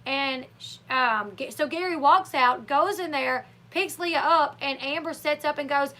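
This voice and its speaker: A high, bright-toned woman with a twang talks through a casual livestream. She is opinionated and chatty, and she often acts out what other people said in lively put-on voices. Her voice sits high and sounds clear and forward. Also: a little slow. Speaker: livestream host. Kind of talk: casual live chat commentary.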